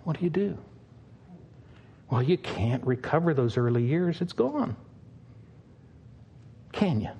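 An older man, a pastor, preaching an earnest sermon with long pauses and a pleading tone. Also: a little high, animated, dark tone, husky.

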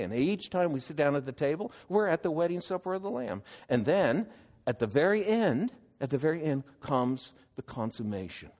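Slow-preaching man in a reverberant hall. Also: fairly high pitch. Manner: slow, rising to emphatic exclamations. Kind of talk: sermon.

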